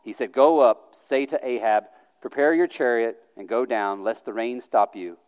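A man reading scripture aloud in an earnest, emphatic way, his loudness rising and falling with the passages. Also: mid-range voice, normal speed, smooth. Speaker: scripture reader. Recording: long reverb of a large hall.

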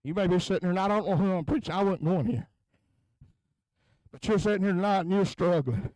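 A man preaching a revival sermon in a tent, moving between low, quiet talk and chanted, shouted peaks. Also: brisk, no room sound, low-quality recording.

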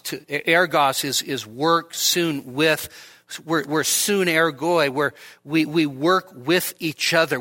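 A middle-aged pastor preaches an expository sermon in a church, his voice a little high with a sharp tone. He's earnest and emphatic, repeating phrases for stress.

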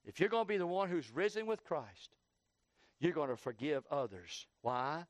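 Male pastor, high voice, fervent sermon delivery, dry close recording. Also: expressive, normal speed, no room sound. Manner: preaching with rising, heated questioning. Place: church.

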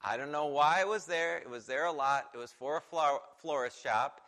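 Bright-voiced male pastor preaching. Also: on the high side, a little fast. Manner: conversational, acts out quoted voices. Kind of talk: sermon.

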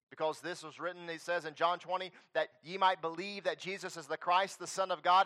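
A male preacher delivering a sermon, swinging between loud emphatic declarations and quiet earnest appeals. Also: on the high side, steady tone, brisk.

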